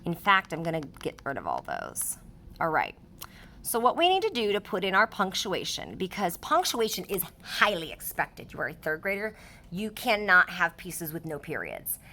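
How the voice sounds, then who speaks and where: A woman's voice: on the low side, sing-song, fairly quick, bright, forceful tone, slight background noise. A woman teaching a writing lesson to third graders, reading her example sentences aloud as she explains punctuation.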